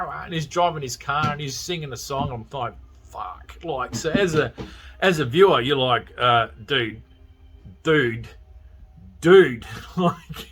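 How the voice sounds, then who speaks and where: Animated, sweary Australian man. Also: mid-range voice, husky. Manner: animated, sweary, laughs often. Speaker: podcast host. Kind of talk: casual film review chat.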